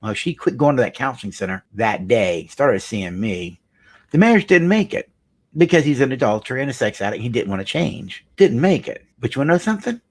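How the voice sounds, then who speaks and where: A man's voice: medium pitch, breathy edge. A middle-aged man, a marriage counselor, telling a client story to the camera with emphatic, preacher-like delivery.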